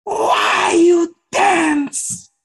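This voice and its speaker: A man doing a shouting hothead dance master. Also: very high voice, expressive, extremely slow, gravelly, voice pushed up, full character voice. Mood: yelling. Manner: shouting, clipped broken English. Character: hot-tempered male dance master barking broken English.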